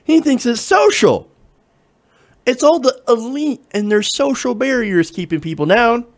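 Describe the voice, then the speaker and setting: A man's voice: very high-pitched, lively intonation, a little slow. A young man hosting a political commentary show, sarcastic and incredulous as he swears his way through a rant. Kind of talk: opinionated news commentary.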